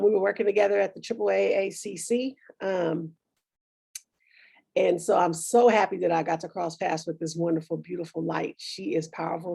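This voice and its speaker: Woman host recapping episodes, gravelly husky voice, chatty and preachy. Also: medium pitch, warm tone. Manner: conversational, preachy, thinks aloud with fillers. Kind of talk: casual reflective monologue.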